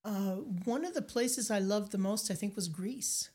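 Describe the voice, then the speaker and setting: Older woman telling lively travel stories. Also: medium pitch, normal speed. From Nova Scotia, Canada. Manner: animated anecdotes, acts out quoted voices. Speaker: guest. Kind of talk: storytelling interview.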